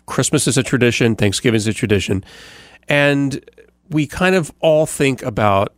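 Rambling morning radio host, dry mic. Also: male voice, medium pitch, animated, normal speed, no echo. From United States. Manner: rambling, many fillers and restarts. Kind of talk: casual podcast recap monologue.

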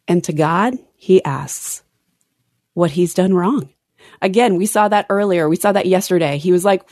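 In this clean studio recording without echo, a woman speaks in a mid-range, unhurried voice. She's co-hosting a podcast about a Bible reading, reading scripture aloud with expression and interrupting herself as she chats casually.

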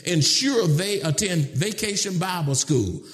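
A man preaching a sermon, moving from low, measured points to shouted, emphatic questions, with casual phrasing like "y'all". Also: animated. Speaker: pastor.

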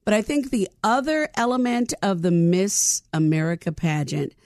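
A woman hosts a talk-show interview and keeps things playful, slipping in jokes and laughter. Her voice sits at an ordinary pitch for a woman. The sound is dry and close, with no room echo. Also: sing-song, moderate pace, a little mellow.

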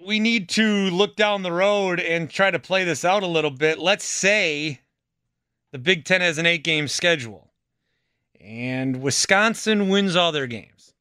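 A male sports radio host who lays out scenarios one step at a time and drives home his points. His voice is slightly high for a man and bright, recorded dry and close to the mic. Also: measured pace, smooth, no echo. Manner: lays out hypotheticals step by step, emphatic. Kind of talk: sports radio talk, reading the call-in number.

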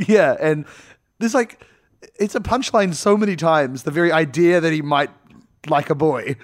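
A man's voice: fairly high pitch, measured pace. A man in casual, joking film chat who laughs often and acts out quotes from characters.

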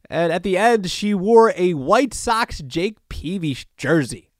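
A man's voice: sits high, animated, moderate pace, hardly any pauses, dry recording, clean studio sound. Chatty male sports podcast host. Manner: loose and conversational, with many fillers and restarts. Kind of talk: casual solo sports talk.

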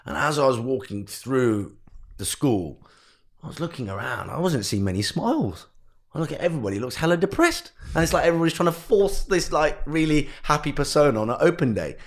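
A man's voice: a little high, brisk. A young man, a guest entrepreneur, telling his life story in a podcast interview and acting out what his parents and teachers said. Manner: animated storyteller who acts out quotes of family.

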